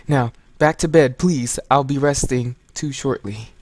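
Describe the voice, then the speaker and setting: A man's voice: medium pitch, unhurried, a little mellow, dry recording, lightly acted. A man voicing a stern, possessive scientist father in a horror game, firm and coldly soothing.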